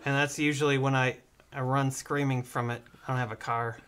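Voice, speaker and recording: A man's voice: mid-range voice, flat delivery, brisk, a bit bright, clear, resonant tone. A man hosting a comedic livestream, joking and acting out both sides of his stories. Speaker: stream host.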